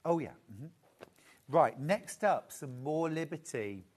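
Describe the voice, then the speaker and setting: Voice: medium pitch, animated, slow pace, a little mellow. Gushing shopping channel presenter. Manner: gushing, admiring, chatty asides. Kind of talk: live product presentation.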